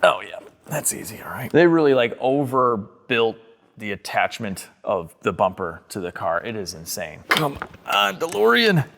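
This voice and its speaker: A young man filming a casual vlog in his garage workshop, chatting excitedly and joking while he works on a car with his tools. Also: on the low side, normal speed. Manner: chatty, excitable, jokey asides while working. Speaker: car restoration YouTuber.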